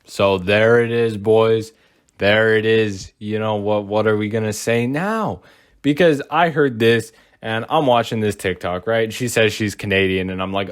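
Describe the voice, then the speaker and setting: A man's voice: on the low side, unhurried, smooth. Rambling young guy reacting to clips. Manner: rambling, full of fillers, says bro and dude. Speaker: commentary youtuber. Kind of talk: casual reaction commentary.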